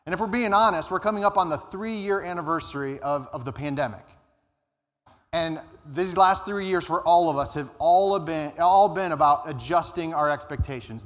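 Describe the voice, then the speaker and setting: A man preaching a sermon as pastor, earnest, rising and slowing down to stress his points. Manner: earnest, rises in pitch and slows down for emphasis. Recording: church hall reverb.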